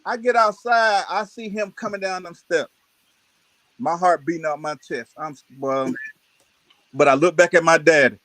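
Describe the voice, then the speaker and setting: A man casually telling childhood stories on a livestream, animated and laughing, full of slang. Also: on the high side, moderate pace, no echo. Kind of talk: casual storytelling chat.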